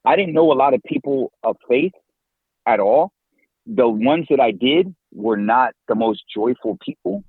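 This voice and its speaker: A man in his forties, a podcast guest and campus minister, talking in a lively, slangy way and laughing often. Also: mid-range voice, unhurried, slightly rough, dry recording. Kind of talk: casual interview talk. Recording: tinny phone-like line, dry.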